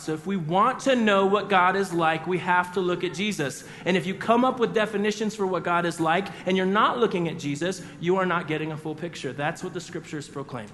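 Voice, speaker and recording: High-voiced preacher in a reverberant hall. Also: male voice, slight background noise. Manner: animated storyteller acting out quotes. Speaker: pastor. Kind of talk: sermon.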